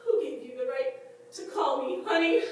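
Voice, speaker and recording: High, bright voice of a proud faded screen diva, wistful one moment and commanding the next, as an actress plays her on stage. The sound is a big echoing hall, caught from far off the mic, with some faint room noise behind. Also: animated, normal speed. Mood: haughty. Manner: imperious and theatrical, swings between wistful and shouting. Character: aging film star woman, imperious, confused, dreaming. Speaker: actress playing a film star. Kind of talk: stage play performance. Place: theater stage.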